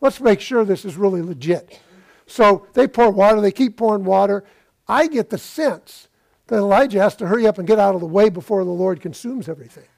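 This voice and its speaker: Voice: mid-range voice, a little fast, vocal fry, darkish tone. A pastor preaching a sermon, retelling a scripture story and asking the listeners rhetorical questions.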